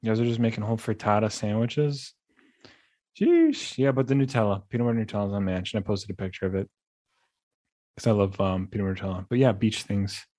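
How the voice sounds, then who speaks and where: A man's voice: fairly low pitch, quick pace. Rambling young man hosting a podcast. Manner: rambling, animated storytelling with frequent restarts. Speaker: podcast host. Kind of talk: casual monologue.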